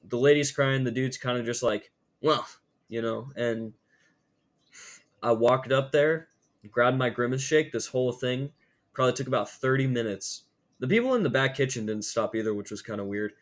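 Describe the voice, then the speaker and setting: Here the young man's medium-pitched voice moves at normal speed as he vlogs a story. It's rambling and casual, animated, packed with "like" fillers, with quotes acted out.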